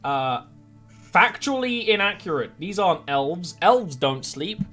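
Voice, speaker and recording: A man's voice: high voice, a little slow. A man narrating as game master, rambling through scene descriptions with lots of fillers. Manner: animated, rambling with many fillers. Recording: faint music bed behind.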